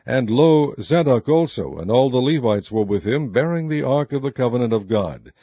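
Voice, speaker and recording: A man giving a steady, measured scripted reading of scripture as narrator. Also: mid-range voice, slightly rough, no echo, highs cut off.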